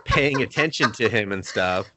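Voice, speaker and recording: A man's voice: on the low side, animated, normal speed, pushed and bright, a little hiss or hum. A man co-hosting a podcast, casually recapping an anime with loose, profane retellings and acted-out character lines. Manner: laid-back, swears freely, acts out characters' lines mid-recap. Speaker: podcast co-host.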